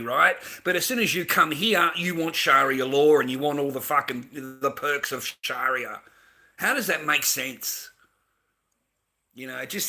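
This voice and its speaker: Sharp-voiced angry Australian man ranting. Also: on the high side. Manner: profane, heated, repeats himself, drops "mate".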